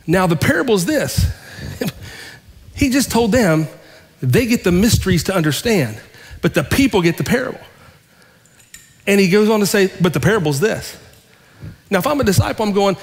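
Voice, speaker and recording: Male pastor, high voice, conversational sermon, long hall reverb. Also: lively intonation, moderate pace, pauses often. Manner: conversational preaching, acting out dialogue, asking the congregation questions.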